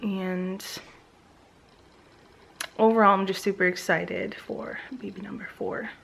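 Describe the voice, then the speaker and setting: A woman's voice: mid-range voice, steady tone, takes it slowly, creaky, fairly bright tone, slight background noise, low-quality recording. A woman in her thirties talking casually to a camera at home in a pregnancy vlog update, chatty and rambling with many ums and likes. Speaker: vlogger. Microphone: camera close by.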